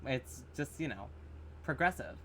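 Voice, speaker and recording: A man's voice: medium pitch, animated, a little slow, sharp tone, a little hiss or hum. A man in a horror reaction vlog, rambling in loose commentary, full of fillers, swearing and sarcastic asides, recorded on his camera's mic.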